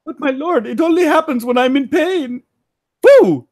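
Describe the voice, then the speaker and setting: A man voicing a whimpering, pleading male cartoon character who is always the victim. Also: moderate pace. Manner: high pleading whine.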